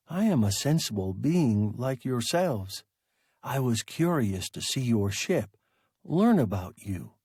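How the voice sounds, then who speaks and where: A man voicing a large, calm and philosophical alien creature that speaks in a measured, reasonable way. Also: medium pitch, breathy edge, no echo, studio quality, full character voice.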